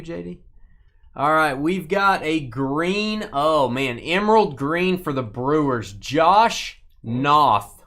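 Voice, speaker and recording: Lively, joking card-break host, male. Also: fairly high pitch, slow pace. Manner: playful, teasing viewers by name. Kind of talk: casual live-stream commentary.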